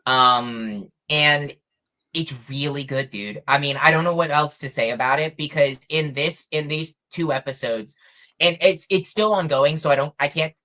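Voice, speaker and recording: A young man co-hosting a casual podcast, rambling through an animated retelling with lots of fillers and restarts. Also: fairly high pitch, moderate pace. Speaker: podcast co-host.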